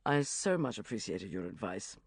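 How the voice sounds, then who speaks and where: A woman's voice: fairly low pitch, very animated, moderate pace, vocal fry, dry recording, clean studio sound, heavily acted. A woman voicing an earnest, polite, posh man going through a divorce, for an audiobook.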